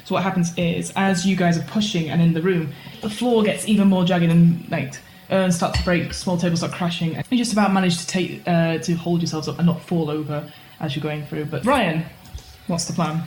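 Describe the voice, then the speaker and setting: A woman's voice: lowish voice, steady tone, a little fast, a little mellow, reverberant, slight background noise, rough recording. A woman narrating a tabletop game as game master, easygoing and laughing often.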